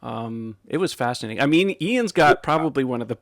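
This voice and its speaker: Man, podcast co-host, lively pitch, dry close mic, easy laughs. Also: brisk, no echo. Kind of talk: casual chat.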